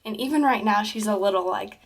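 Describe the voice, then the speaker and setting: A woman's voice: mid-range voice, brisk. A teenage girl giving casual advice to camera, talking chattily with lots of "like" and "um", and acting out the conversations she describes. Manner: chatty, peppered with "like" and "um"; acts out quoted conversations in livelier voices. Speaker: vlogger.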